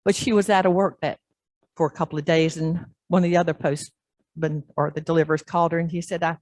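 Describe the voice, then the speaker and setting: A woman pastor preaching in church, telling a story in an animated way and acting out the scenes. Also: sits low, brisk. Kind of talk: sermon storytelling.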